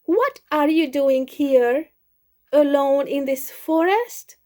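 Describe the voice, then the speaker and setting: A woman voicing a small, kind and curious mouse in a spoken storybook, asking questions in a high, bright voice. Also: lively intonation, slow pace. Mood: eager, questioning.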